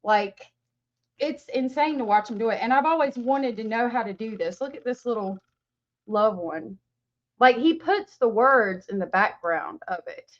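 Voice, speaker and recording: A woman hosts a casual livestream and chats along, gushing and greeting her viewers by name. Her voice sits fairly high. Her webcam mic gives the sound a dull, lo-fi quality. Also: expressive, normal speed. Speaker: livestream host.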